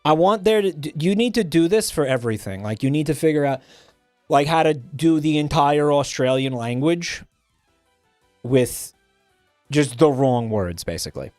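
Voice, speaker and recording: A man's voice: mid-range voice, moderate pace, a little mellow, dry recording, studio quality, soft background music. A man streaming live and chatting casually, joking around and swearing freely.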